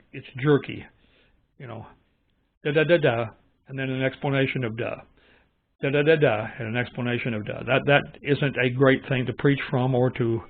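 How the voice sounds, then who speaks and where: A man hosting his own channel, giving casual, opinionated commentary in a musing, halting way. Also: medium pitch, no room sound. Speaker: channel host reviewing Bible translations. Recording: dry, tinny phone-like audio.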